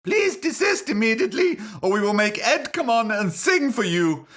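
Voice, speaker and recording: A man's voice: very high voice, sing-song, normal speed, fairly bright tone, pitched above the performer's own voice, heavily acted. A man putting on a stiff, pompous solicitor reading out a formal legal letter in a comedy sketch. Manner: formal, stiff, mock-official.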